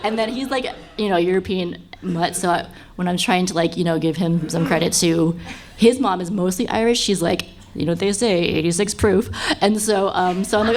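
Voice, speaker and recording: A woman's voice: on the low side, moderate pace. Chatty woman who laughs a lot. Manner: chatty, laughs often, lots of fillers. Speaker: panel guest. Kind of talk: live podcast panel chat.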